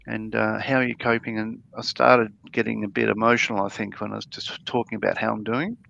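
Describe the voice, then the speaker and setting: A man's voice: lowish voice, little pitch movement, a little fast, gravelly, sharp tone, highs cut off. A man with an Australian accent chatting casually on a livestream, rambling with lots of fillers and restarts. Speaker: livestream co-host. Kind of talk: casual chat, reading viewer comments.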